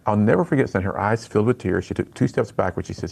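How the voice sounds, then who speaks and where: A middle-aged man, a guest on a radio interview, telling his personal story in an earnest, animated way and acting out the lines he quotes. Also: on the low side, fast, gravelly, hardly any pauses. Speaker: radio guest, speaker to students.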